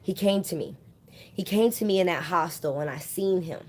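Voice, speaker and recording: A woman's voice: lowish voice, normal speed. A woman vlogger casually telling a personal story straight to her viewers, chatty and often calling them "you guys".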